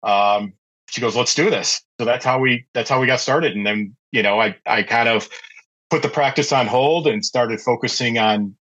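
A man's voice: mid-range voice, normal speed, a bit bright, highs cut off. A middle-aged man telling a long personal story as a podcast guest, chatty and anecdotal with many fillers and restarts. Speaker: podcast guest, pet care business owner. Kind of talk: casual storytelling interview.

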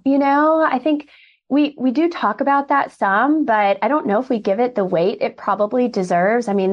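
A woman speech-language pathologist in a casual conversation, talking in an animated way and acting out what she and others say. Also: on the high side. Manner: animated, acts out quoted speech. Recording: dull lo-fi sound.

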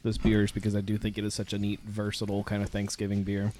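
A man in casual chat, measured and descriptive as he talks about flavors. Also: lowish voice, monotone, mellow, a little hiss or hum.

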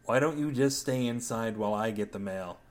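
A man's voice: mid-range voice, a little fast, natural voice. A man voicing a weary, exasperated young man with a dry delivery.

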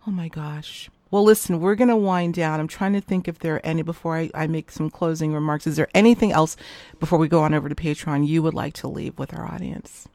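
A woman's voice: low-pitched, steady tone, brisk, dark tone, no echo. A woman hosting a casual chat show, effusive and emotional as she thanks her guest and supporters. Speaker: host.

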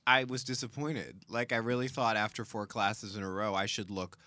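Man, forties, podcast co-host; bright tone, self-deprecating, laughs a lot. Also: on the low side, steady tone, moderate pace, no echo. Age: 40s. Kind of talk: casual banter.

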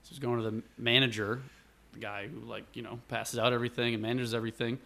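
A Buffalo, New York man, appearing as a guest, tells a long family story in relaxed, rambling conversation. His middle-pitched, creaky voice moves quickly, and he brings the tale to life by acting out what people said.

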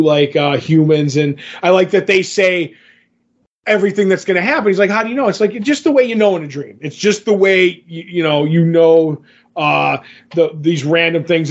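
Rambling man with a dull lo-fi sound. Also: on the high side. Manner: rambling, many fillers and restarts. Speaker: podcast co-host. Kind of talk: casual comic book discussion.

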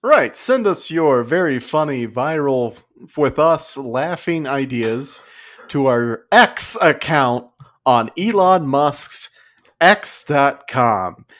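A man's voice: medium pitch, lively intonation, slow, a bit bright. A man co-hosting a casual comedy podcast, talking in a wry, dry way and often breaking into laughter. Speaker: podcast co-host.

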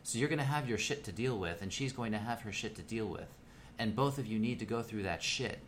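A man's voice: on the low side, a little fast, slight background noise. A man in casual chat on a podcast who gives blunt, profane advice.

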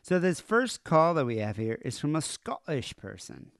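A man's voice: on the high side, sing-song, moderate pace, vocal fry, no echo. Man, podcast host, casual rambling chat, fillers, dry close sound. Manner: rambling, filler-heavy, laughs easily.

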